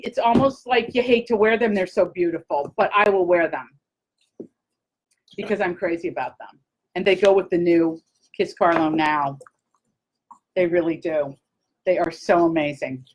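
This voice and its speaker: A woman hosting a casual live chat, gushing and excitable, talking straight to her viewers. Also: medium pitch, a little hiss or hum, poor audio. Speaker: host.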